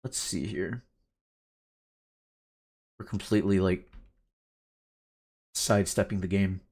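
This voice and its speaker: Slow-talking low-voiced male streamer. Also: steady tone, darkish tone. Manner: laid-back, laughs often, reads chat aloud. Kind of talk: casual game stream chat.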